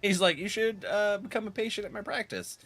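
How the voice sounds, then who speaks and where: A man's voice: sits high, a little fast, fairly bright tone, soft background music. A man streaming a game and chatting casually, laughing often and acting out his friends' lines, while getting over a cold. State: has a cold. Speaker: gaming streamer.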